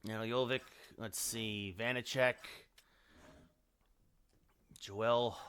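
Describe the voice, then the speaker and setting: A male streamer with a bright, forceful voice that sits slightly high for a man. He thinks aloud as he scrolls, breaks off into asides to his viewers, and talks into a desk microphone at home. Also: lively intonation, a little slow, long pauses. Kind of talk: live game-stream commentary.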